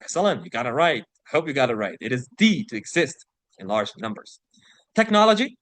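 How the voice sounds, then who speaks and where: A man teaching an English vocabulary lesson, who explains words, reads example sentences aloud slowly and keeps checking in with "right?". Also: mid-range voice, expressive, a bit bright, dry recording. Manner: slows to read example sentences and passages aloud.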